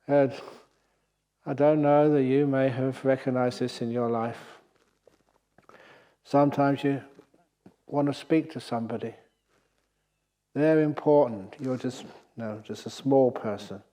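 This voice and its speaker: At a meditation retreat, a male monk teacher delivers a Buddhist dharma talk in an unhurried mid-range voice, pausing often. He spins his stories with energy and chuckles at his own humor.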